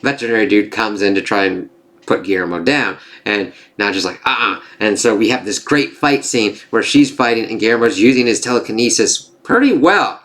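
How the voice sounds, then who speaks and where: A man casually recapping and reviewing a TV episode, excitable and profane, full of "kind of" and "like". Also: lowish voice, a little fast.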